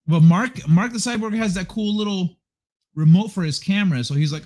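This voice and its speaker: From his apartment living room, a man hosts a livestream, talking to viewers at a desk microphone in a rambling, laid-back manner with lots of swearing. His voice sits high, brisk and darkish in tone.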